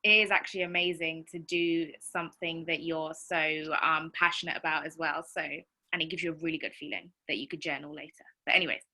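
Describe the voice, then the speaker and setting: A woman chatting excitedly on a group video call, rambling with many fillers. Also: low-pitched, a little fast. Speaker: call participant. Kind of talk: casual group-call chat.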